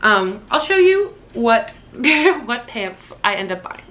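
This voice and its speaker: A woman in her twenties chatting excitedly in a casual birthday haul vlog at home, gushing and swearing casually. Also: fairly high pitch, slow pace. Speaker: vlogger.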